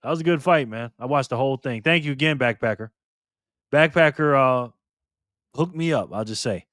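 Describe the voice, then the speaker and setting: A man's voice: mid-range voice, moderate pace, a bit bright, dry recording, studio quality. A man hosting a casual live stream, chatting loosely with viewers by name and repeating himself.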